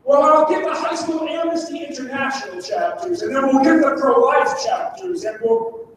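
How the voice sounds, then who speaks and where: A man's voice: very high voice, normal speed, fairly bright tone, a little hiss or hum, pitched above the performer's own voice. A man voicing a determined young woman organizer who worries aloud about how to win. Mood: worried. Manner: anxious, thinking aloud. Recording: echoey hall from far off.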